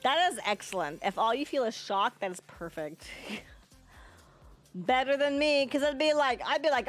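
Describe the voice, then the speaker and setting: Lively, animated woman streamer. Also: mid-range voice, unhurried. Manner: chatty and playful, laughs often, talks back to chat. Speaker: livestreamer. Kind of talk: live gameplay commentary and chat with viewers.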